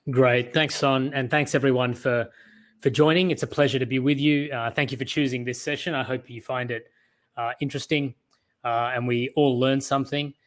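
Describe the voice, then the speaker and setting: A man's voice: mid-range voice, steady tone, moderate pace. A man with an Australian accent giving a virtual conference talk, telling stories in an earnest way. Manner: earnest, storytelling delivery. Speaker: conference speaker.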